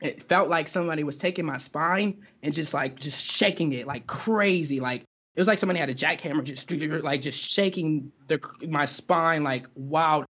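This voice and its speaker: A young man, a guest in a casual interview, recounts his own experience in halting speech full of fillers and restarts. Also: on the high side, fairly bright tone, breathy edge. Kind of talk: casual storytelling. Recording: dull lo-fi recording.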